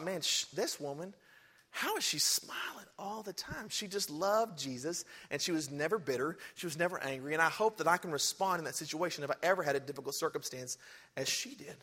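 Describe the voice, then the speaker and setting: A pastor preaches in a conversational style and then rises to emphatic exhortation. His voice sits high and bright. It carries a long reverb from a large church hall. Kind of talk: sermon.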